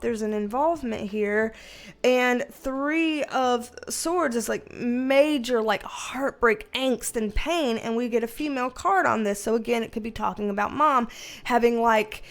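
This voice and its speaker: Tarot reader, woman, slightly high voice, rambly and emotional, faint music under her. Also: a bit bright. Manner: chatty, rambling, emotional, many fillers. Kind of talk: casual tarot reading video.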